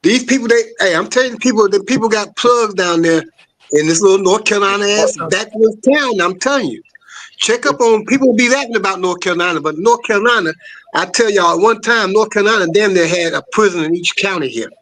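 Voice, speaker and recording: A man's voice: high-pitched, brisk, fairly bright tone, slight background noise. A man on a casual podcast chat, talking emphatically and with a lot of cursing, insisting everyone listen. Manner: emphatic and profane, insists the listeners pay attention.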